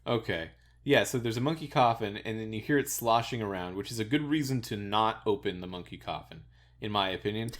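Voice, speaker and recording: A man co-hosting a podcast in casual chat, relaxed and amused, chuckling often and restarting his sentences. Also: fairly low pitch, fairly quick. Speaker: podcast co-host.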